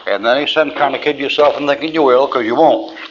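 A man's voice: medium pitch, fast. A man teaching a Bible class in a blunt, folksy, plainspoken way, with a middle-range voice. The recording is dull and lo-fi, like an old tape. A faint hiss runs underneath. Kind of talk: classroom lecture.

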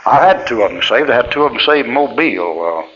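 A man's voice: medium pitch, lively intonation, a little fast, fairly bright tone. A middle-aged male preacher, telling church stories in a folksy, plainspoken way with frequent chuckles. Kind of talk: folksy sermon storytelling. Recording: dull lo-fi tape with faint hiss.

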